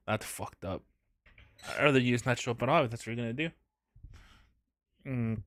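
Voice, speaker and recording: A man's voice: mid-range voice, fairly bright tone. A man streaming a game, talking casually, joking and swearing in mock outrage. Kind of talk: casual gaming commentary.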